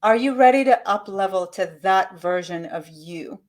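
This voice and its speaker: A woman's voice: medium pitch, normal speed. A woman hosting a live money-mindset coaching session, talking straight to her viewers in an enthusiastic, motivational way.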